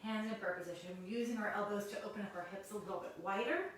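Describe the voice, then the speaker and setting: A woman's voice: medium pitch, fast, a little hiss or hum. Woman leading yoga in an echoey room. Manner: calm step-by-step cues with self-aware asides. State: a little out of breath while doing poses. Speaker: yoga instructor. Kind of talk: guiding a yoga class. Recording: very echoey room, mic at a distance.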